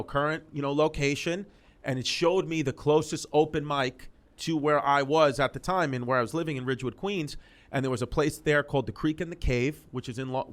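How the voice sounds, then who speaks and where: A man in his thirties, a comedian guest telling personal stories in a casual interview, with animated delivery and many restarts. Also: a little high.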